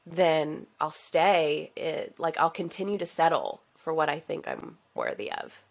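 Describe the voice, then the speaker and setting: A woman hosting a coaching podcast who talks in a reflective, animated way and laughs often. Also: low voice, a little slow, vocal fry. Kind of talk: casual interview chat.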